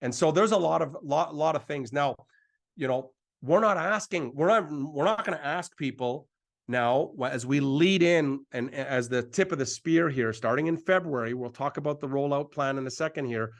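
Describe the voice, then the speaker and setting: Fired-up man giving a sales pitch. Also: normal speed. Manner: excitable, repetitive, hyping himself up. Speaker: host of a sales presentation. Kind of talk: energetic live sales pitch.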